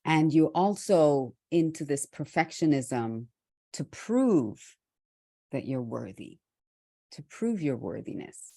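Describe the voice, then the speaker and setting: A middle-aged woman from Trinidad hosting a motivational talk, speaking candidly and reflectively with restarts and soft laughs. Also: sits low, expressive, slow, gravelly, no room sound, studio quality. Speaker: host.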